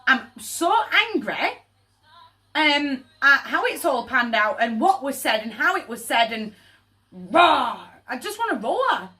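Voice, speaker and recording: A woman gives a casual tarot reading in a high-pitched, sharp-toned voice, with lively intonation and a measured pace. She's chatty and emphatic, often checking in by asking "does that make sense?"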